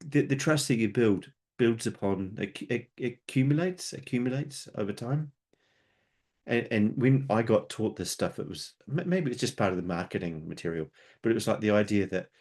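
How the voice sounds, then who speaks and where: Low-voiced man giving a chatty webinar talk. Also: a little mellow. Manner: conversational, explains with homely analogies and stories. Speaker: webinar presenter.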